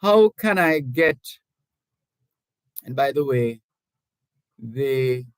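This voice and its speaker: A middle-aged man with a Jamaican accent hosts a talk radio show from a studio microphone. He speaks very slowly and deliberately, with frequent restarts and hedging asides. The sound is dry and close. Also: mid-range voice, lively intonation, clear, resonant tone, dry recording, poor audio. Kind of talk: call-in radio talk, reading listener messages.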